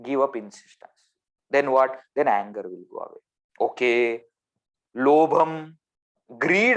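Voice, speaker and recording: A man with an Indian English accent giving a spiritual discourse over a video call, animated and full of rhetorical questions. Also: a little high. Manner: animated, rhetorical questions, swings between loud and soft. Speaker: spiritual teacher.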